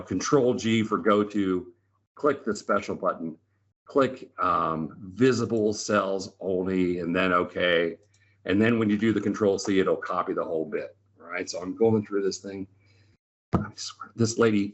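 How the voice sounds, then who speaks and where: A man's voice: on the low side, fairly bright tone. Chatty, enthusiastic man on a dull webinar line. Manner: chatty, enthusiastic, tag questions like "right?". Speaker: Excel trainer and presenter. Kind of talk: lively storytelling webinar talk. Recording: slightly dull lo-fi webinar audio.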